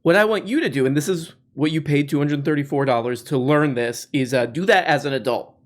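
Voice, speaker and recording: A man's voice: a little high, a little fast. A man hosting a podcast, giving casual, sarcastic comedic commentary on video clips. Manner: sarcastic, mocking. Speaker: podcast host.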